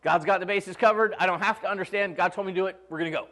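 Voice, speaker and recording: Man doing a burdened old father, lower and quieter, patient answers, sermon retelling. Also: fairly even intonation, rapid-fire. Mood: resolute. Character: older father, calm and burdened.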